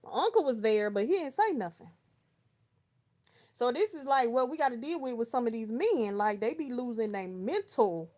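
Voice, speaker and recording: Brief: woman, around thirty, from Texas, livestream host, slangy storyteller, slightly high voice. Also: expressive, normal speed, a little mellow. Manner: chatty storytelling with slang, talking to viewers by name. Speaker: live chat host. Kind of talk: casual livestream chat, reading viewer comments.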